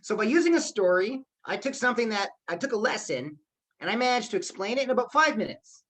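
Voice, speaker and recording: A man's voice: high voice, lively intonation, fast talker, a bit bright. A man teaching a live online class who keeps checking in with "okay?" as he talks. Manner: chatty, keeps asking "okay?". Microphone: computer mic on a video call.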